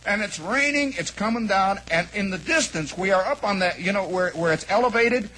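A man from the American Midwest telling a long, animated personal story, rambling and acting out the shouts and lines of the people in it. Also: high-pitched, brisk, few pauses, a little hiss or hum, low-quality recording. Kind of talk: spoken anecdote, radio monologue.

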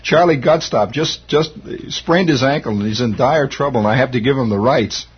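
A man with a raspy voice quoting a pompous middle-aged lodge leader chanting mock rites, on a lo-fi old radio recording. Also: medium pitch, moderate pace, pitched above the performer's own voice. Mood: mock solemn. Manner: solemn mock ritual chanting.

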